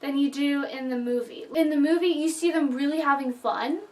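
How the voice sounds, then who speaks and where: A woman's voice: high-pitched, a little fast, recorded from a distance. A woman reviewing a book and its movie in a chatty, emotional, gushing way. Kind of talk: casual vlog review.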